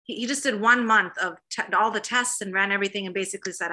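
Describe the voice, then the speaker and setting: A woman in her thirties, a therapist, telling a personal story in an interview, animated and acting out what others said. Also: medium pitch, quick pace, hardly any pauses. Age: 30s. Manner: animated, acts out quoted voices.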